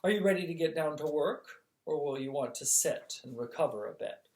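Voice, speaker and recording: Reader voicing an old king, mild and genial, slow and chatty, storybook. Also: medium pitch, lively intonation, close to an everyday voice. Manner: genial, reminiscing. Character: kindly absent-minded old king.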